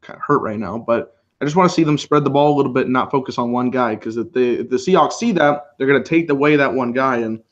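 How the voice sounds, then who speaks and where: Barely pausing, a fast-talking man with a medium pitch rattles off casual play-by-play on a live football reaction stream he co-hosts. He stays relaxed and laughs often, though the recording is muffled.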